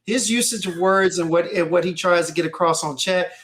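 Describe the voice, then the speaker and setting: A man with a high voice talks casually on a podcast. He is animated and keeps checking in with his listener. His delivery is loose and conversational. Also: a little fast. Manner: animated, repeats "you know what I'm saying". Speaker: podcast co-host. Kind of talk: casual chat.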